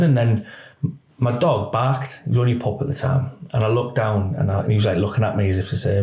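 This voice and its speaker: Guy, lowish voice, halting, keeps repeating himself, roomy echo. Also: fairly even intonation, a little mellow. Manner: halting, repeats words, quotes others. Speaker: guest, retired police officer. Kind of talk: emotional personal account.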